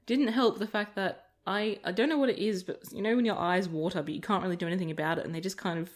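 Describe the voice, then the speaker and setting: A woman with a mid-range voice and a quick pace makes gaming videos, chatting casually as she plays. Her talk is a stream of rambling anecdotes punctuated by frequent laughter.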